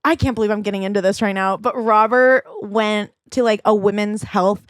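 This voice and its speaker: A woman's voice: mid-range voice, moderate pace, clean tone, no room sound, studio quality. A young woman co-hosting a podcast in casual, bubbly chat, often acting out what other people said. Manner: bubbly, animated, puts on voices for quoted people. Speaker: podcast co-host.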